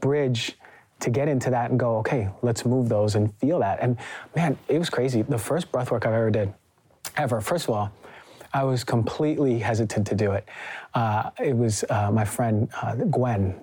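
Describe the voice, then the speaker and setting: A man's voice: medium pitch, moderate pace, dark tone, husky. A young man hosting a podcast, telling a story animatedly with lots of fillers and acted-out quotes. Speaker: podcast host. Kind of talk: casual conversation.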